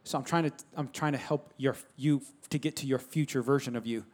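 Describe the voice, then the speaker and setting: A man's voice: mid-range voice, fairly even intonation, fairly quick, a little mellow. A man preaching a sermon in a conversational, emphatic style, repeating phrases and calling out to the congregation. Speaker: pastor.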